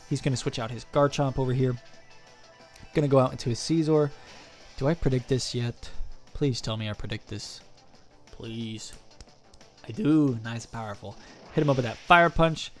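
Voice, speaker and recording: Young guy doing goofy battle commentary, mid pitch, light music behind. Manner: joking, self-mocking play-by-play. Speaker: gaming channel host.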